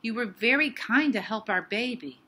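A woman's voice: a little high, expressive, moderate pace, bright, forceful tone. A woman voicing a thankful family of small beetles in a children's storybook. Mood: grateful.

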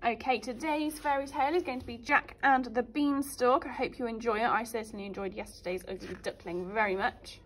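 A teacher reading a fairy tale aloud to young children in an animated, sing-song way. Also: female voice, on the high side, fairly quick, hardly any pauses, a little hiss or hum.

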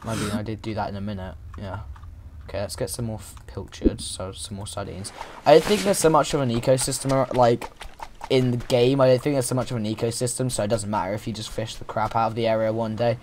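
A man's voice: fairly low pitch, steady tone, fast, heavy background noise. A young man chatting casually and playfully as he plays a survival game, rambling and restarting his sentences. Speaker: gaming YouTuber. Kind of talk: casual let's-play commentary.

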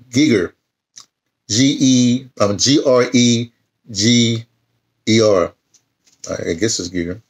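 A man in his sixties reads an old newspaper article aloud, breaking off into rambling asides and restarts. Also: on the low side. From United States. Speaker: YouTube channel host. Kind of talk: casual reading and commentary.

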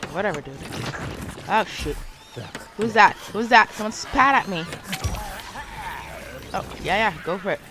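A woman streaming a video game, chatting and reacting excitably as she plays. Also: medium pitch, measured pace, long pauses, background noise. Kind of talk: live gameplay commentary. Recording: game music behind.

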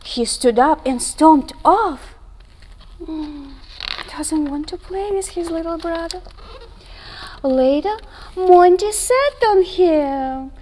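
Animated woman reading children's storytime. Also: very high voice, slow pace, long pauses, a little hiss or hum. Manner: animated, gasping, hushed asides. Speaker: children's librarian.

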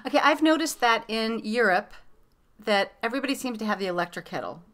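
A woman's voice: a little high, expressive, fast talker, a bit bright, no echo. A woman hosting a podcast, chatting casually with plenty of fillers and restarts. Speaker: podcast host. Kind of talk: casual chat.

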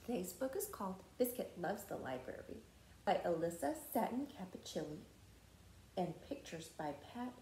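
A woman teacher reading a picture book aloud to young children in a slow, gentle and lively way. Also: medium pitch, slight background noise. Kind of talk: storybook read-aloud for children. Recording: roomy echo.

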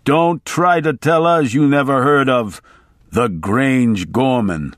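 A man's voice: medium pitch, slow, no room sound, clean studio sound, natural voice. A man voicing a wild, paranoid male lawyer who blusters and accuses. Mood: accusing.

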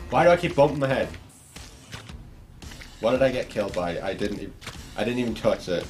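A man's voice: mid-range voice, animated, normal speed, long pauses, soft background music. A young man giving frustrated, swearing let's play commentary while gaming. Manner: frustrated, swearing, shouting at the game. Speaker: gaming YouTuber.

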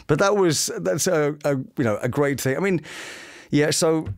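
A middle-aged voice actor chatting casually and telling stories with lively energy. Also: male voice, a little high, normal speed, creaky. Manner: animated storyteller who slips into character voices. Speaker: voice actor guest. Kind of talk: casual chat.

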